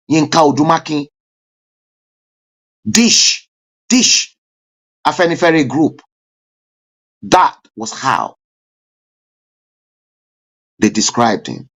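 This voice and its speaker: A man hosting a live-stream talk show, giving fervent political commentary with sudden loud rising bursts. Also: medium pitch, breathy edge. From Nigeria.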